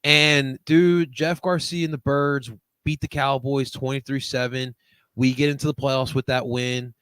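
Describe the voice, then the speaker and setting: A man's voice: medium pitch, level tone, measured pace, fairly bright tone, clear, resonant tone, dry recording. A man co-hosting a casual sports podcast, energetically recounting a game. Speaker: podcast co-host.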